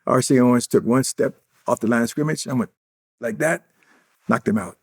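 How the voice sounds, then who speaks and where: A man's voice: mid-range voice, normal speed, husky. A man in his eighties from Indiana, a guest in an interview, telling stories boastfully and acting out the dialogue. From Indiana, USA. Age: 80s. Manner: boastful, acts out quoted dialogue. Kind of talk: casual interview storytelling.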